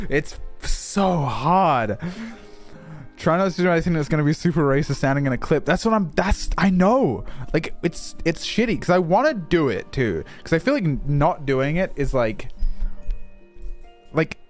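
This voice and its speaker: Young man, casual stream chat, laughs and swears, mid pitch, soft music underneath. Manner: laughs often, swears, restarts words.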